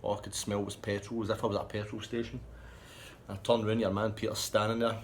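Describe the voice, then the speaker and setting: A man telling a rambling, profane anecdote in a casual, lively way. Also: fairly low pitch, fast talker, slight background noise. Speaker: storyteller.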